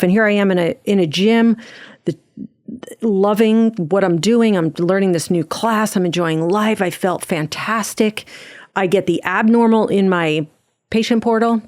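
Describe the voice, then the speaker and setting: Middle-aged woman from jersey telling her story on a podcast, lowish voice, dry close sound, keeps restarting mid-sentence. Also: a little mellow, no echo. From New Jersey. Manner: earnest, fast storytelling with frequent restarts. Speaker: podcast guest. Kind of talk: personal testimony in a conversational interview.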